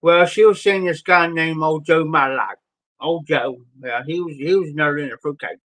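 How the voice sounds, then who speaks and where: A middle-aged man telling a rambling, folksy story on a live stream, with pauses and restarts. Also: a little high, a bit bright, low-quality recording. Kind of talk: casual spoken storytelling.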